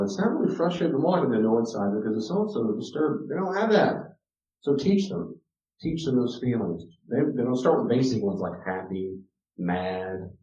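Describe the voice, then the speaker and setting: A man's voice: lowish voice, dark tone. Man teaching emphatically in a roomy hall. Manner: emphatic, repeats key words, addresses listeners directly. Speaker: speaker teaching on parenting. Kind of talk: teaching talk to an audience. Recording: roomy, distant, dull lo-fi sound.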